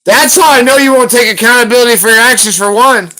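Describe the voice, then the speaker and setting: A man's voice: very high voice, fast talker, pushed and bright. A man on a live stream, ranting heatedly at someone and cursing constantly in a confrontational way. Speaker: livestreamer hunting for rare banknotes.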